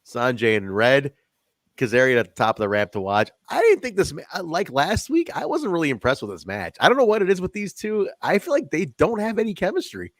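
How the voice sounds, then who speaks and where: A man's voice: fairly high pitch, big pitch swings, a little fast, dry recording. This is a man in easygoing conversation, his voice rising and falling with plenty of energy. He swears freely and breaks into laughs. The sound is close and dry, with no room around it. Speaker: podcast host reviewing wrestling. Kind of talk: casual chat.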